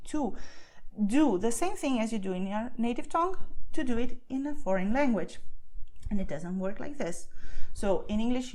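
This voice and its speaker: A woman, teaching a beginner lesson, who explains slowly and keeps checking in with "okay?". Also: a little high, a little mellow. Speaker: Spanish teacher. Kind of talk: online language lesson.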